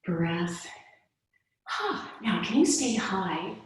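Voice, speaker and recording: A woman's voice: mid-range voice, sing-song, very slow. A woman instructor leading an online yoga strength class, cueing each exercise with playful asides and laughs. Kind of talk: live online fitness class. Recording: echoey video-call audio from far off.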